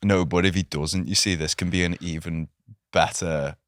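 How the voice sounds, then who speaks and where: A man with a Liverpool accent, co-hosting a gaming podcast with jokey, lively banter. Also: sits low, moderate pace, dry recording, clean studio sound. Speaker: podcast co-host. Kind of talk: casual banter.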